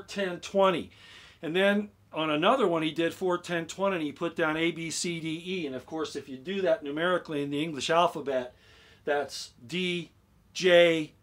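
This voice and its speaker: A man explaining things on a casual YouTube live stream. He gets excited, repeats himself and keeps asking his viewers "okay?". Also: a little high.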